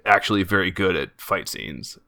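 A man's voice: deep voice, lively intonation, normal speed, vocal fry, pushed and bright, no echo, clean studio sound. A young man co-hosting a podcast, chatting casually and rambling with many filler words. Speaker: podcast co-host. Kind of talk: casual chat about an anime.

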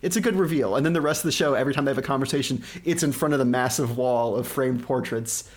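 Opinionated man chatting on a podcast. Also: medium pitch. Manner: fast, opinionated, filler-heavy. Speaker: podcast co-host. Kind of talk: casual review chat.

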